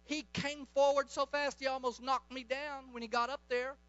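A man's voice: extremely high pitch, flat delivery, moderate pace, fairly bright tone, clear, resonant tone, no room sound. A middle-aged man preaching a charismatic sermon, fervent and commanding as he tells stories. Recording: dull lo-fi recording.

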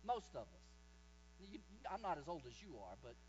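A man preaching a sermon, impassioned, slowing down and swelling his voice for emphasis. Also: fairly high pitch, sing-song, lo-fi sound, a little hiss or hum.

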